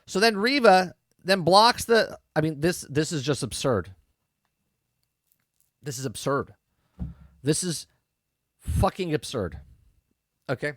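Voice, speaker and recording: A man's voice: on the high side, no room sound. Exasperated man ranting in a dry room. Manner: exasperated, rambling, repeats himself; swears freely. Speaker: podcast host. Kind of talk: casual show review commentary.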